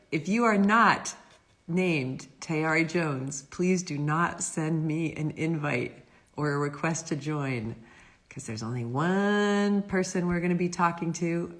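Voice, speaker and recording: A woman with a fairly low voice hosts a casual live stream. She is bubbly and affectionate, greeting her viewers warmly and laughing often. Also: animated, measured pace. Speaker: host of a live-stream author interview.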